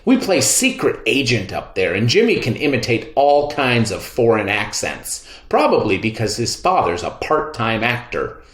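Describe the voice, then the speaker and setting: A man reading a children's book aloud in an expressive, lively storytelling manner. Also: mid-range voice, moderate pace, hardly any pauses. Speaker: reader. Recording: roomy echo.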